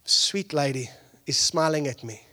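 In a fairly high voice and a little slowly, a pastor preaches in a conversational style. His delivery rises from hushed asides to loud, excited peaks, and he performs the people he quotes.

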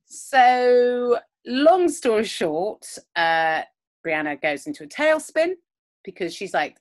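A woman's voice: mid-range voice, very animated, slow pace. A woman co-hosting a podcast on a video call, rambling through an episode recap with lots of fillers. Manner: rambling, with many fillers and retellings of scenes. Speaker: podcast co-host. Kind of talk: casual chat recapping a TV episode. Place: home, recording remotely.

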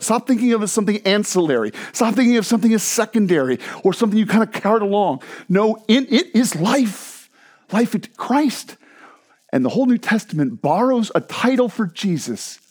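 Animated, high-voiced male preacher. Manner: animated preaching, swinging from loud exclamations to quiet near-whispers; jokes and laughs with the congregation. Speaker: pastor. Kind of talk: sermon.

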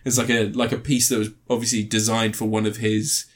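A man in casual podcast chat about films, rambling and swearing, animated as he retells scenes. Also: lowish voice, fairly quick.

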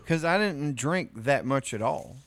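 A teasing, wisecracking man co-hosting a podcast. His voice is bright and tense, and his pitch stays lively. The recording is dry and close. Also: unhurried, no room sound. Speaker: podcast co-host. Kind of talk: casual chat.

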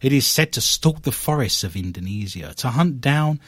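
A man's voice: mid-range voice, lively intonation, moderate pace, a bit bright, no room sound, voice pushed down. A man with an old-fashioned British accent playing a 1950s newsreel narrator, with a clipped, theatrical announcer delivery. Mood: mock grandiose. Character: male 1950s newsreel narrator, plummy and grand.

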